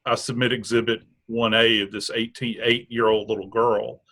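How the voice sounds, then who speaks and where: A man's voice: medium pitch, level tone, moderate pace, bright, forceful tone. A man speaking as a death investigator guest in a true crime interview, blunt and emphatic, building his points through repetition.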